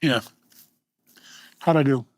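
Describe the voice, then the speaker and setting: A man's voice: medium pitch, slow, dry recording. A man guest speaking frankly and casually in an interview, swearing now and then. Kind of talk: candid interview.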